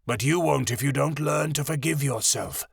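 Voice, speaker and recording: A man voicing a wise white tiger guardian with a deep, rough, rumbling voice, calm and measured. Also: no echo, clean studio sound.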